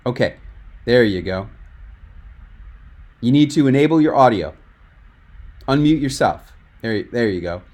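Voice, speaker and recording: A man's voice: medium pitch, lively intonation, unhurried, pauses often, a little mellow. A man coaching a speaker on a video call, talking in a direct, emphatic and encouraging way. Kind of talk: webinar coaching feedback.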